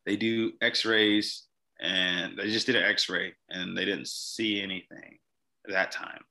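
Gravelly, tense-voiced young man telling his story. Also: deep voice, steady tone, takes it slowly, pushed and bright, low-quality recording. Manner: rambling, heavy use of "like", earnest. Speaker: podcast guest. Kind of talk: personal story in casual conversation.

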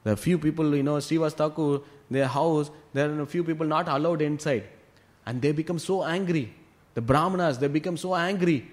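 A man teaching scripture to a devotional class gives an animated retelling peppered with "you know." Tamil is his first language, and he speaks fairly quickly with a fairly high pitch.

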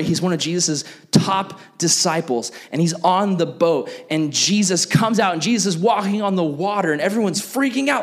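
A young adult man preaching a sermon as pastor, animated and acting out the voices he quotes. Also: on the high side.

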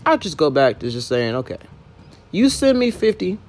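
A man's voice: a little high, big pitch swings, normal speed. A young man and rideshare driver retelling a story about a passenger in an exasperated, profane, emphatic rant.

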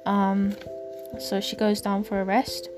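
A woman speaks in a loose, rambling podcast monologue about her faith, often pausing with fillers as she gathers her thoughts. Her voice sits at an ordinary middle pitch. Music plays clearly underneath throughout. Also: completely flat delivery. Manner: rambling, hesitant with many ums. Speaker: podcast host.

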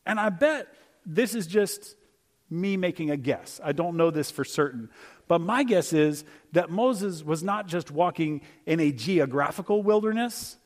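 A middle-aged man giving a conversational sermon as a guest speaker, telling stories and acting out little voices for humor. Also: on the high side.

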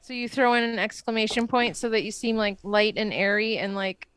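A woman's voice: mid-range voice, steady tone, a little fast, a bit bright, a little hiss or hum. A woman co-hosting a podcast, chatty and explaining through examples in casual talk. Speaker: podcast co-host. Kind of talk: casual chat.

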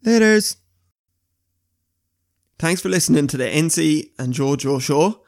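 A man, co-hosting a podcast and telling animated, swear-laden stories in casual chat. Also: a little high, normal speed, vocal fry, dry recording, studio quality. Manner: animated storyteller, swears a lot. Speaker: podcast co-host.

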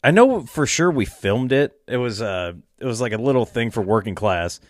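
A man's voice: medium pitch, lively intonation, moderate pace, no echo. A man telling rambling stories in casual chat, laughing and swearing often.

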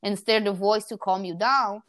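A woman's voice: mid-range voice, a little fast, fairly bright tone, no room sound, clean studio sound. A woman in her thirties in casual chat, telling stories animatedly and acting out the voices she quotes. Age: 30s.

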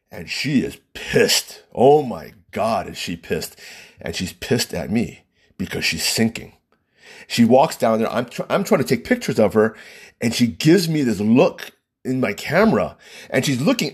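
Man, wedding photographer, husky voice, very lively pitch, rambling storyteller who laughs a lot. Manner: rambling, animated, laughs often, many fillers. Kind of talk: casual anecdote telling.

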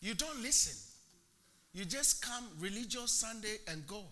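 A male pastor preaching an animated sermon in church, asking the congregation rhetorical questions and swinging from loud to hushed. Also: high-pitched, unhurried.

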